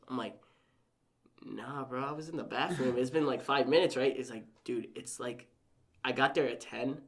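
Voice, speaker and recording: A young man, a podcast guest, telling a personal story in casual chat, animated and acting out quotes with lots of "like". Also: medium pitch, normal speed.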